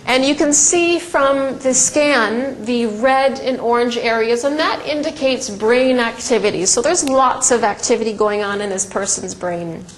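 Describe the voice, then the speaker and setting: A woman's voice: sits high, slight background noise, poor audio. A middle-aged woman giving a conversational lecture presentation, telling stories with frequent ums and restarts. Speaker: presenter and educator.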